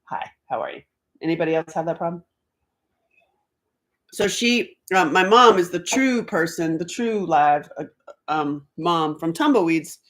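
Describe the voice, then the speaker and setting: A middle-aged woman from North Carolina chatting on a live stream at home, rambling and quick to laugh. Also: on the low side, animated. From Asheville, North Carolina, US. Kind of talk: casual live-stream chat. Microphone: laptop computer mic.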